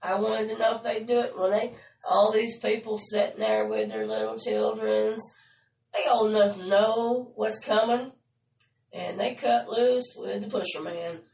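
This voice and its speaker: A woman's voice: medium pitch, a little slow, vocal fry, darkish tone, distant mic. A woman co-hosting a radio show, chatting and making teasing asides. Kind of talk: casual on-air chat. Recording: echoey room, off-mic.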